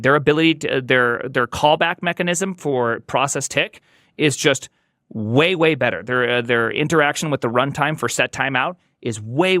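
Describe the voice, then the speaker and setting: A software engineer appears as a guest on a casual podcast, speaking in a fairly high, sharp voice. He's emphatic and opinionated, hammering his points home through repetition. The recording is clean studio sound with no room noise.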